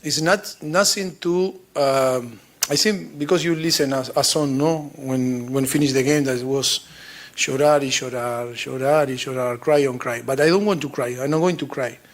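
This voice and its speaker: A man whose first language is Spanish, answering at a press conference as a football coach in halting English with many pauses and restarts. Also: mid-range voice. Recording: played clip from press conference.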